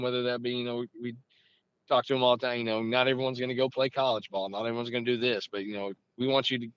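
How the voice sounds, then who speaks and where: A man in his late thirties, a coach telling stories in a laid-back interview, with a bright, slightly tense voice. He fills his talk with "you know" and livens up as the stories build. The recording is dry and a little dull, like lo-fi. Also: medium pitch, clean tone, no room sound. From Georgia, US. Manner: relaxed, leans on "you know", gets animated telling stories. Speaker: high school head football coach, guest. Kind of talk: casual interview storytelling.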